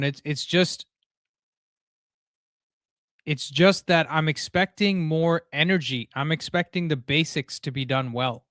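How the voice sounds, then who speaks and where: A man watching football live for his viewers and ranting his frustration with stammered restarts and curses. His voice sits a little high and sounds close and dry, with no room around it. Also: a little slow, long pauses, a bit bright, no echo. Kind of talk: live match reaction. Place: home room.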